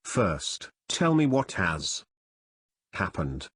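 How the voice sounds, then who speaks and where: A man's voice: deep voice, big pitch swings, extremely slow, a bit bright, slightly rough, voice pushed down, heavily acted. Man reading as an impetuous army captain. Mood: impatient. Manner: urgent, impetuous.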